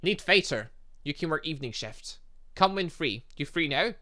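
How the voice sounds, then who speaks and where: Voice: medium pitch, animated, moderate pace, bright, forceful tone. A gamer voicing an old male shopkeeper who speaks in clipped, broken English, dropping little words and giving terse orders. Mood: curt.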